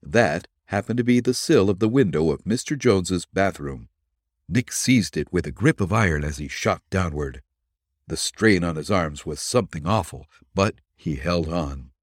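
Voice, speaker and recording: A man narrating an old detective serial for a podcast, in measured storytelling with lively inflection. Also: sits low, no echo, studio quality. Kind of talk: dramatic audiobook narration.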